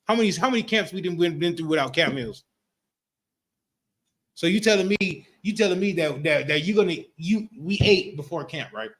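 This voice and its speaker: A man's voice: on the high side, animated, moderate pace, fairly bright tone. A man leading a casual religious class discussion, talking loosely and often checking in with his listeners. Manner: loose, repetitive, keeps asking "you know what I'm talking about".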